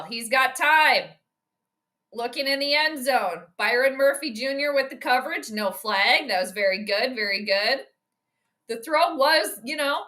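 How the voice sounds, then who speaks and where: In a high voice, a woman commentates a football game on a casual live stream. She chats excitedly, laughs often, and reads messages from the chat aloud.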